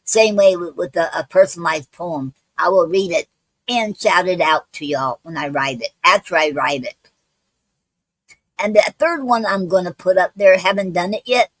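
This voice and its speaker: A woman poet hosting a live stream, out of breath, talking in a halting way with many fillers and restarts. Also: lowish voice, no echo, rough recording. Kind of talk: casual live-stream chat and poetry reading.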